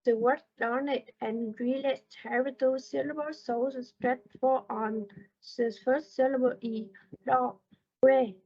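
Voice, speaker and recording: A woman with a high voice reads a class presentation on word stress. She goes slowly and carefully, halting between phrases. The recording sounds dull and lo-fi. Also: fairly even intonation, a little mellow. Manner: slow, careful reading with halting pauses. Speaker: student presenter.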